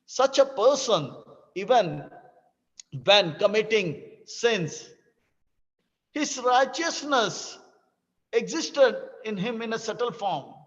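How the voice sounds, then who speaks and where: A man's voice: high-pitched, animated, slow pace, pauses often. A man teaching as a spiritual teacher, dramatically retelling scripture in a sermon. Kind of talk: sermon storytelling. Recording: dull lo-fi with long hall reverb.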